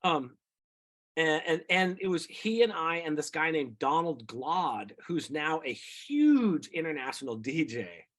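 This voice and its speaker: A middle-aged singer-songwriter telling rambling, animated stories about his music career in a casual interview. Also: on the high side, unhurried. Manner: rambling, animated anecdotes with quoted voices.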